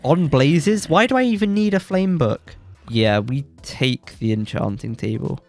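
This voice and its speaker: A young man with a blocked nose, giving excitable, joking commentary while playing a game and yelping when surprised. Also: fairly high pitch, unhurried, faint music behind. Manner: excitable, jokey boasting, yelps when surprised. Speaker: gaming YouTuber. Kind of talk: let's play commentary.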